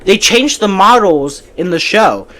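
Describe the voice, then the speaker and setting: A man's voice: sits high, animated, a little slow, sharp tone. Casual chatty man hosting a podcast. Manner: chatty, breezy opinions with frequent restarts. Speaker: podcast host. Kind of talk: casual movie podcast chat.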